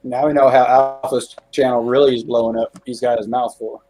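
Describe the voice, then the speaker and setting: A man's voice: medium pitch, level tone, brisk, low-quality recording. A man, a guest on a music podcast, chatting casually, joking and swearing freely. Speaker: interview guest, music creator. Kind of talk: casual profane podcast chat.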